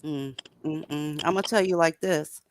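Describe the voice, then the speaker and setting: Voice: mid-range voice, fairly even intonation, unhurried, no echo. A livestream host leading a casual call-in chat, blunt and sarcastic, calling panelists in one by one.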